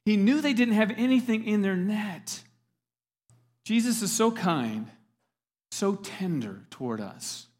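A man's voice: sits high, darkish tone. A man preaching a sermon as a pastor, earnest, repeating words as he stresses his points. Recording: long hall reverb.

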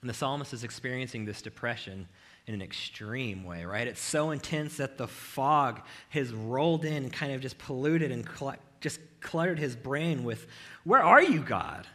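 A man's voice: medium pitch, normal speed, fairly bright tone. A male pastor giving a conversational sermon in a church, with frequent rhetorical "right?" asides. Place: church with video cameras.

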